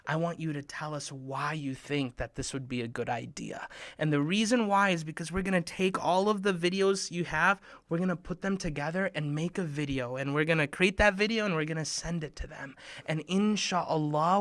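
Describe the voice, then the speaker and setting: A man hosting a children's program, talking straight to the kids in a playful way, sometimes dropping to a hushed half-whisper. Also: normal speed, dry recording, clean studio sound. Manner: playful, bursts into excited high shouts. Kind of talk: talk to children.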